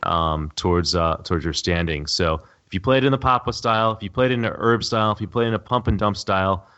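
A man's voice: low-pitched, fast, fairly bright tone. A man guesting on a podcast, explaining a tournament with hesitant fillers. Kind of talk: casual interview.

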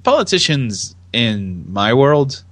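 A man co-hosting a casual chat podcast, animated and laughing often as he reads tweets aloud in voices. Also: medium pitch, slow pace, dry recording. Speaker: podcast co-host.

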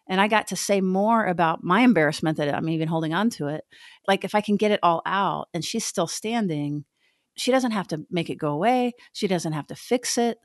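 A woman therapist co-hosting a podcast, giving frank, animated advice in a casual conversational way. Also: lowish voice, brisk, no room sound, studio quality. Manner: frank, animated, self-deprecating.

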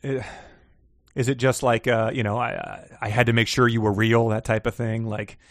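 Co-host, male, giggly, talks over a dry close mic, middle pitch. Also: level tone, normal speed, dry recording. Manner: giggly, reads passages aloud with mock drama. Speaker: podcast co-host. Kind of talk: casual comedic book discussion.

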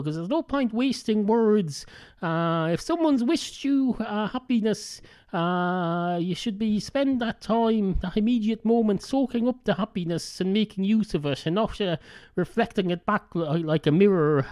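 Hoarse guy rambling on his own podcast, deadpan, lotta uhs, dry close sound. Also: sits high, dry recording. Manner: deadpan, meandering, constant "uh" fillers. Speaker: podcast host. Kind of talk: rambling solo monologue.

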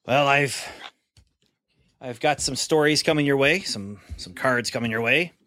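A man's voice: medium pitch, a little slow, bright, forceful tone, no room sound. A man running a tabletop storytelling game, teasing the players and laughing often. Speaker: game master.

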